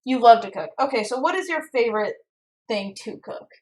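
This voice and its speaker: Chatty young woman with a high voice. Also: lively intonation, fairly quick. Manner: chatty and rambling, with frequent restarts. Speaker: streamer. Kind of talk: casual chat while cooking and reading chat. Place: home kitchen.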